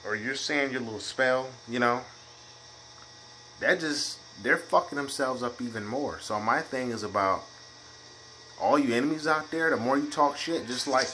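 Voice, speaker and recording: A man's voice: mid-range voice, sharp tone, slight background noise. A man ranting at his enemies in a webcam vlog, confrontational and full of swearing. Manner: profane, confrontational, repetitive. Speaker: vlogger. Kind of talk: angry webcam rant.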